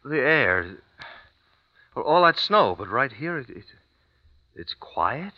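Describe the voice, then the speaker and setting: A man's voice: medium pitch, sing-song, slow. An actor playing an American writer traveling abroad with his wife, hesitant and stammering when he feels uneasy. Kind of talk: radio drama acting. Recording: dull lo-fi old recording.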